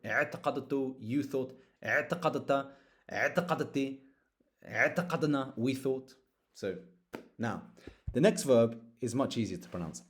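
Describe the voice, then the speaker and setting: A man teaching an Arabic grammar lesson, patiently explaining roots and walking through verb conjugations one form at a time. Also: medium pitch. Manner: patient, explanatory, spells out root letters and conjugations.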